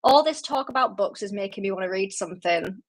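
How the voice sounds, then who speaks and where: A woman's voice: medium pitch, animated, brisk. A woman hosting a book club livestream, chatting casually and rambling, reading out viewer comments and laughing at herself.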